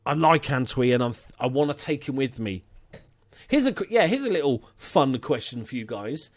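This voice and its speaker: A man's voice: medium pitch, normal speed. Chatty swearing game commentator man. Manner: chatty, swears freely, excitable bursts over the game. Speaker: gaming channel host. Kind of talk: casual football management let's play commentary.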